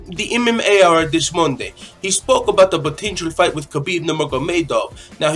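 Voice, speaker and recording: A man's voice: a little high, fairly bright tone. A young man hosting an MMA news vlog in a put-on Mexican cholo accent, slangy, profane and joking. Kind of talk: casual news commentary.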